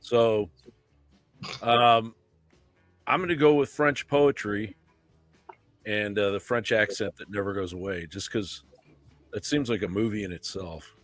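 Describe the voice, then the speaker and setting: A man on a talk panel answering a quiz question in a hesitant, halting way. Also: lowish voice, fairly bright tone, dry recording, soft background music. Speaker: panel guest.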